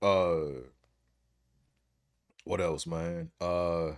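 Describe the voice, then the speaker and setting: A man's voice: low-pitched, steady tone, very slow. A man telling funny stories from his life in a loose, casual way, often breaking into laughter and tagging lines with "man". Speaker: podcast host. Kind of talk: casual storytelling.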